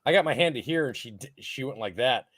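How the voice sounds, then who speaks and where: A man co-hosting a podcast, telling a story in loose, casual banter. His pitch leaps and dips as he acts out other people's lines, with plenty of swearing. The sound is dry and close to the mic. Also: fast talker, dry recording. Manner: animated storyteller, swears freely, acts out quotes. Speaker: podcast co-host.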